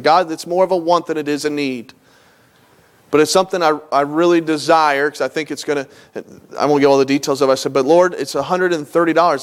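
A man's voice: fairly high pitch, a bit bright. A middle-aged male pastor telling a personal prayer story in a sermon, folksy and full of restarts. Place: church.

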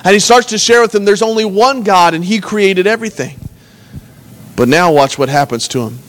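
This pastor's sermon is earnest and expressive, delivered at a moderate pace in a high-pitched, fairly bright voice. He reads scripture and then retells it in simple terms.

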